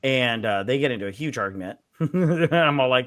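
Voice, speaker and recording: A man's voice: mid-range voice, fairly quick, fairly bright tone, dry recording, studio quality. A man co-hosting a casual, tipsy movie review, rambling through the plot and quoting characters with plenty of swearing. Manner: rambling, retells scenes with quoted voices and swearing.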